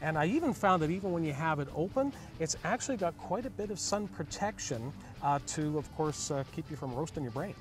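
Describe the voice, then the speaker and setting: A man's voice: fairly high pitch, lively intonation, fairly quick, hardly any pauses, over music. Enthusiastic man co-hosting a car review. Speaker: car show co-host.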